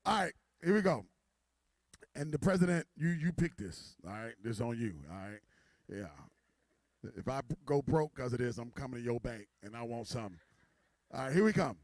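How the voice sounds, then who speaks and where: A man's voice: mid-range voice, animated, moderate pace, no room sound, studio quality. A man emceeing a gala, telling stand-up jokes and playfully teasing the audience.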